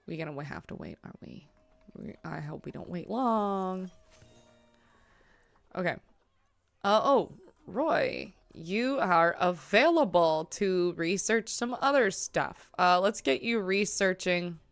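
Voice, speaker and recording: Chatty woman narrating her gameplay slowly. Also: on the low side, big pitch swings, vocal fry, no echo. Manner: chatty, talking to herself and the animals, filler-heavy. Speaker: gameplay streamer. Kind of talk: casual gaming commentary.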